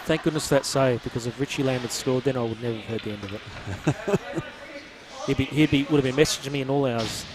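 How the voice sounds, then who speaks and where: A man's voice: mid-range voice, crowd noise, poor audio. A man giving casual, joking colour commentary at a live hockey game. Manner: chatty, joking, quick asides.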